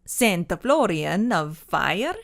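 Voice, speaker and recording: A woman doing a slow, amused Italian man. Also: lowish voice, very animated, gravelly, heavily acted. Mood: amused, gentle. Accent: put-on Italian. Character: good-humored middle-aged Italian man.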